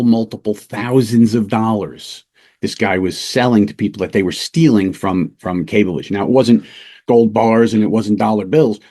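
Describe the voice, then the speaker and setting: A middle-aged man, a police lieutenant, teaching undercover work through a casual, lively anecdote told with small restarts. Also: fairly low pitch. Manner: lively anecdotes, acts out quoted voices, fillers and restarts. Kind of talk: casual storytelling lesson.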